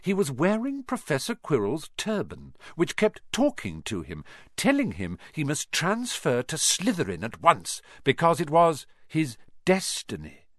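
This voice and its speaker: A man narrating a storybook in an expressive, animated way. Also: on the high side, a little slow, dry recording, clean studio sound. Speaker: audiobook narrator.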